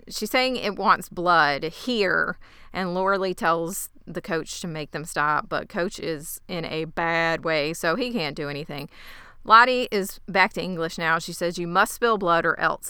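A woman casually recapping a TV episode with quick asides and some swearing. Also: fairly low pitch, sharp tone, clear, resonant tone, dry recording, clean studio sound.

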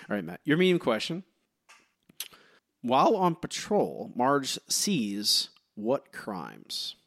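A man's voice: medium pitch, very animated, slow pace, gravelly, a bit bright. A man co-hosting a podcast, chatting casually and running a trivia quiz, with a hesitant, filler-filled delivery. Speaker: podcast co-host.

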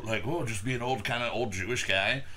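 A man's voice: mid-range voice, fairly quick, bright, forceful tone. Joking man hosting a beer podcast. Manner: loose, joking, swears freely. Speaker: podcast host reviewing beer. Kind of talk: casual chat.

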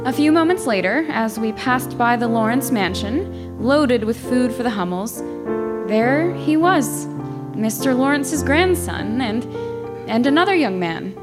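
An actress playing a sensible, motherly eldest sister who also narrates the story in a gentle voice. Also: on the high side, expressive, unhurried. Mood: narrating. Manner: gentle, soothing. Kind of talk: first-person storytelling narration. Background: piano music.

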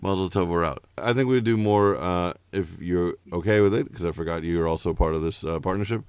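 A man's voice: sits low, a little fast, a little mellow, clean tone, dry recording. A man hosting a casual movie podcast, teasing his co-host and joking, saying he is loaded. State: says he is intoxicated.

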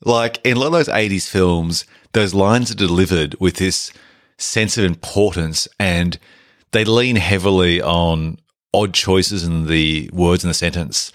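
Deep-voiced man, chatty film talk. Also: a bit bright, dry recording, studio quality. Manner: chatty, enthusiastic, peppered with "like". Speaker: podcast co-host. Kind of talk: casual film discussion.

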